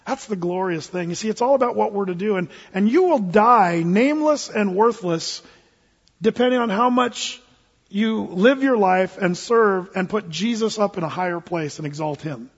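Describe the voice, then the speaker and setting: Male pastor preaching, high voice, husky, earnest, folksy, echoey hall. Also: normal speed. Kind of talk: sermon. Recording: dull, echoey church hall recording.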